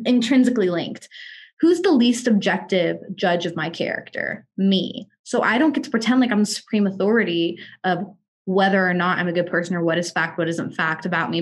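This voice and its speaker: A woman in her twenties in casual podcast chat, telling personal stories candidly and often restarting her sentences. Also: medium pitch. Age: 20s.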